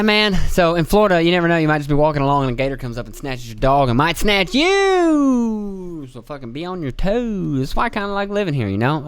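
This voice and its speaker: A man ranting loosely on his podcast, swearing freely and drifting from one story to the next. His voice is smooth and a little high. The recording is close and dry, with no room echo. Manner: profane, rambling, acts out voices. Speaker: podcast host. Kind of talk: casual comedic rant.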